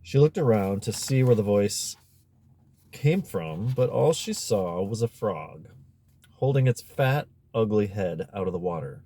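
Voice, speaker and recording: Brief: male narrator, low warm tone, measured expressive audiobook read. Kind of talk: scripted narration.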